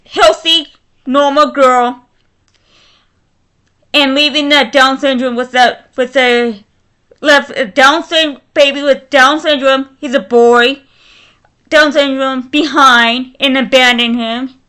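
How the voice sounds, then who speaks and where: A woman with a high, bright voice rants angrily to camera, stumbling and restarting her sentences. She speaks slowly and deliberately despite her fury. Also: fairly even intonation, clean tone. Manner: furious, halting, with many restarts. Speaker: vlogger. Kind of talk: angry ranting vlog.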